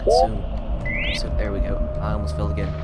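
A young man commenting on a platform game as he plays, swinging from muttering to frantic shouting. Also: on the low side, fairly quick. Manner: excitable, jumps from mumbling to shouting. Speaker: gaming video host. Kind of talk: let's play commentary. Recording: loud game music behind voice.

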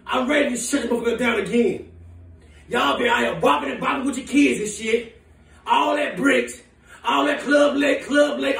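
A man playing a furious, foul-mouthed woman who runs a big city, ranting in shouts and laughter. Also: very high voice, creaky, full character voice. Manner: shouting, profane, laughing rants. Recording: echoey room, voice from far off.

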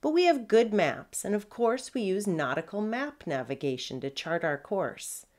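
A woman voicing a prim, patient female poodle first mate in a storybook, speaking crisply. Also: mid-range voice, big pitch swings, moderate pace, a little mellow, pitched above the performer's own voice, natural voice.

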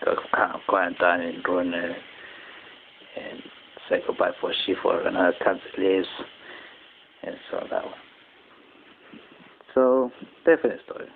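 A man from Japan, rambling through a personal story in halting English with many restarts. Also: on the low side, gravelly. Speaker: channel host. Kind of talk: casual personal monologue. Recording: tinny phone-quality audio with faint noise.

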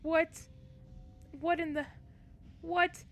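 A woman streaming a game, talking to her chat as she plays. Her voice sits high and bright, and she takes her time between lines even when she gets jumpy. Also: a little slow, long pauses, slight background noise. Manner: jumpy, chatty, talks to her chat while playing. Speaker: Twitch streamer. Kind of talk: live gameplay commentary.

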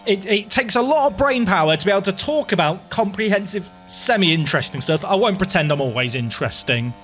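A young man giving live, excitable commentary to his viewers while playing a game, dramatic and self-mocking. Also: high-pitched, a little fast, slight background noise. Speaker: game streamer.

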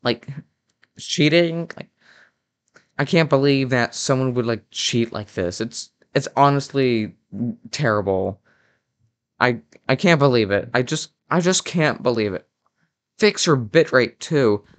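This young man's parody reaction to a game video is sarcastic and full of fake outrage, with frequent stumbles and restarted sentences. His mid-range voice has lively intonation and runs a little slow.

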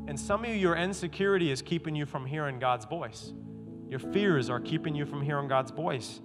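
A man preaching an energetic youth sermon, acting out quotes with stammers and sudden loud bursts. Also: a little high, fairly quick. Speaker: youth pastor. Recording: live in a hall with music playing behind.

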